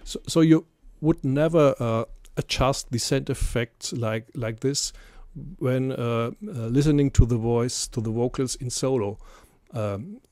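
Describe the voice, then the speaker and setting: Man, mixing tutorial, slow pace, dry close sound, hesitant with fillers. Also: mid-range voice, mellow, no room sound. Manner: hesitant, many fillers and restarts. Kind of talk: screen-recorded software tutorial.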